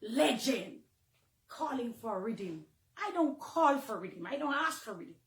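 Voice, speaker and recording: A woman with a Jamaican accent, a minister speaking emotionally to her followers, swinging between hushed confiding and loud, heated outbursts. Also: fairly high pitch, very animated, unhurried, reverberant. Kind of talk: emotional personal address to followers.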